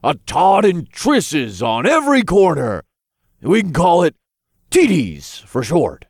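A man voicing a brash, high-pitched imp. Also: huge pitch swings, takes it slowly, no echo, studio quality, heavily acted. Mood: boastful. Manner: brash, loud and bossy. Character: tiny excitable male imp weed dealer.

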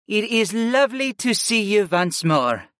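A man voicing a gentle, formal middle-aged mother, the wife of a clan chief, who speaks slowly and softly. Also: sits high, big pitch swings, no echo, studio quality, voice pushed up, exaggerated voice. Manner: slow, soft, formal and welcoming.

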